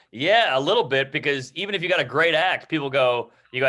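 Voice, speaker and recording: Brash, bright-voiced comedian man. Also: mid-range voice, animated. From New York. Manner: brash, rapid, profane and self-mocking. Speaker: guest comedian. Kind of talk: casual advice in an online comedy class.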